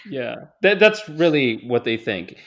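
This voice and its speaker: A man's voice: mid-range voice, very animated, measured pace, fairly bright tone. Dry, sarcastic young man. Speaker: podcast co-host. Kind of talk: casual chat. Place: home, remote call.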